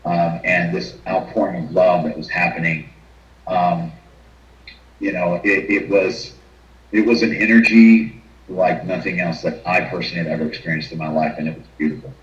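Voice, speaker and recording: A man, a firefighter recounting his memories in an interview, halting and choked up with emotion. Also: low-pitched, level tone. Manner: halting, many restarts and fillers. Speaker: retired firefighter guest. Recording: roomy, dull video-call audio.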